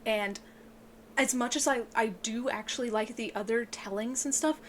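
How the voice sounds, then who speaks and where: An excitable woman giving an emotional, casual book review, swearing often and sounding tearful. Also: moderate pace, a little hiss or hum. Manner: excitable, swears a lot, voice breaks into high yelps.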